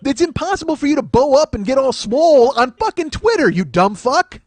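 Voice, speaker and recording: A man's voice: very high voice, sing-song, brisk, no echo. A man in his forties hosting a solo comedy podcast, ranting in a profane, self-mocking, mock-indignant way.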